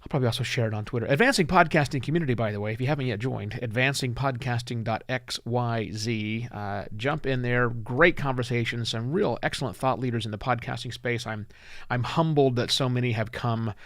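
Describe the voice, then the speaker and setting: A man hosting his own podcast live, chatty and self-deprecating, thinking out loud and a little phlegmy, clearing his throat now and then. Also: mid-range voice, a little fast, dry recording, studio quality. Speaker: podcast host. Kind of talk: live-taped solo podcast, casual chat. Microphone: studio mic with headphones.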